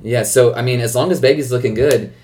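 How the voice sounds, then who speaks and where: A man's voice: medium pitch, fairly quick, a little mellow. Frank, upbeat male midwife. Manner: frank and upbeat, laughs easily. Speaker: midwife and nurse practitioner guest. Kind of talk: casual podcast chat.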